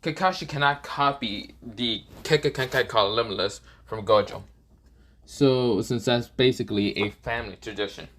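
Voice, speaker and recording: A man's voice: mid-range voice, normal speed, a bit bright. A man narrating a fan story casually, rambling and swearing, with many fillers.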